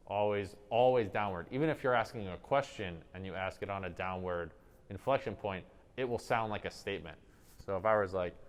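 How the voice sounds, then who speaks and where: A man explaining social-emotional improv exercises in a conversational way, pausing to demonstrate tones of voice. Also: on the low side, smooth. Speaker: improv workshop instructor.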